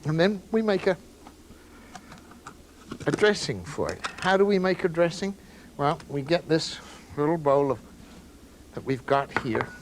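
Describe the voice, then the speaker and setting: Casual male TV cook, animated rising and falling voice, folksy asides, audible background noise. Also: fairly high pitch, unhurried, pauses often. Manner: chatty and rambling, with folksy asides. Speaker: cooking show host. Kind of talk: casual cooking demonstration. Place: TV studio kitchen.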